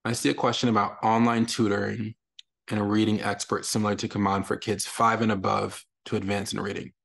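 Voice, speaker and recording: A young adult man, a reading educator, giving a lively online lesson for parents and answering their questions. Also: fairly low pitch, a little fast, vocal fry. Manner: energetic, explains with sound examples. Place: lives in Texas.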